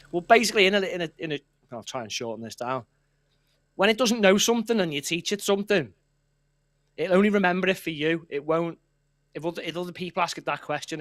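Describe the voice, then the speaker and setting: A man's voice: fairly high pitch, animated, brisk, a bit bright, no room sound. A man, chatting casually as a co-host and telling rambling stories that break off and restart. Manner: rambling, self-interrupting storyteller. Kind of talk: casual chat.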